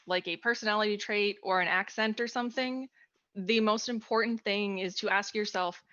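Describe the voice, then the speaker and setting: A woman's voice: mid-range voice, fairly even intonation, moderate pace, fairly bright tone. A woman on a tabletop gaming panel, chatting and handing out advice while laughing at herself, recorded with dull, muffled audio. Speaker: tabletop game player, panelist. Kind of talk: casual panel chat.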